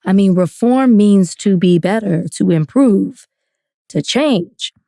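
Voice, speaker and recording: A woman's voice: medium pitch, lively intonation, slow, dark tone, no echo, studio quality. A woman co-hosting a casual podcast, reasoning aloud thoughtfully with some stammers. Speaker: podcast co-host.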